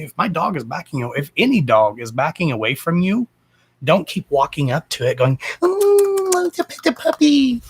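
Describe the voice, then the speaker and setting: Blunt, husky-voiced man chatting on a live stream. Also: mid-range voice. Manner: blunt and profane, talks to his dogs mid-stream. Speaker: live-stream host and dog owner. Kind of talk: casual live-stream chat.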